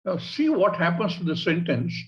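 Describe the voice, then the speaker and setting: Indian guy teaching a scripture class, high voice, acts out little examples, kinda muffled recording. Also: big pitch swings, fairly bright tone. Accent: Indian English. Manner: measured, illustrative, acts out examples. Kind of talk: spiritual class lecture.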